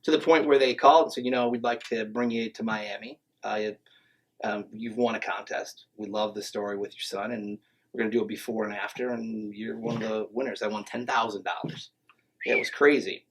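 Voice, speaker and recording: A man's voice: fairly low pitch, a little fast, slight background noise, rough recording. A man guest on a podcast, telling stories in a casual, joking, self-mocking way. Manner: joking, self-mocking, deadpan tall tales. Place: podcast studio.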